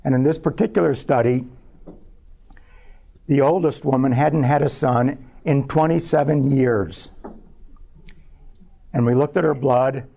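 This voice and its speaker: A man, a scientist, giving a public talk as a measured personal story about his research. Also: mid-range voice, gravelly, mellow. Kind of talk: lecture told as a personal story.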